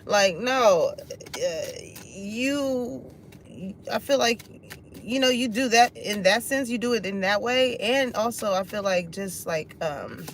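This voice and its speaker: A woman's voice: medium pitch, expressive, slow, slight background noise. Laughing casual woman reading tarot. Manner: laughs often, sings song snippets, swears casually. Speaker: tarot reader.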